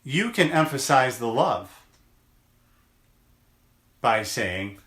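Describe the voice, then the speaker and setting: A man speaks in a motivational daily message, unhurried and deliberate, leaning into single words to stress them. His tone is bright and forward. The room around him rings with noticeable echo. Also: medium pitch, expressive. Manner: slow, deliberate, gentle encouragement with drawn-out words. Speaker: chiropractor.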